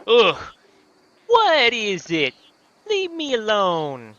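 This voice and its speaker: Brooklyn-accented hothead villager for a video game voice-over, bright, piercing and brash, played by a man. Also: sits high, huge pitch swings, highs cut off, a little hiss or hum, voice pushed up, heavily acted. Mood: irritable. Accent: put-on Brooklyn accent. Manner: shouty, rude, fast-tempered. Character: loud cranky young male villager, touchy, picks fights.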